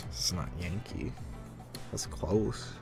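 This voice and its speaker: A man's voice: sits low, expressive, slow, creaky, a little mellow, faint music behind. Joking, rambling man playing a video game. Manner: joking, rambling, self-mocking. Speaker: let's play host. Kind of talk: casual gameplay commentary.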